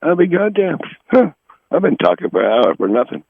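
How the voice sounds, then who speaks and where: A man's voice: fairly high pitch, very animated, a little fast, vocal fry, breathy edge, no room sound. An older man rambling and swearing nonstop while calling in to a podcast by phone, talking half to himself. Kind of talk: rambling profane phone monologue. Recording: dull lo-fi phone-like audio.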